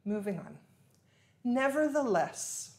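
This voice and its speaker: A woman's voice: a little high, big pitch swings, slow pace, darkish tone. A woman English teacher giving a recorded vocabulary lesson, explaining patiently and stressing key words with examples.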